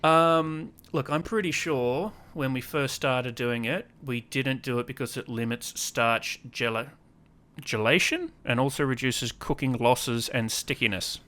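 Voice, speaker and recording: A man's voice: medium pitch, measured pace, fairly bright tone. A man in his thirties hosting a casual podcast chat, telling stories animatedly and acting out quotes in raised voices. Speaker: podcast host.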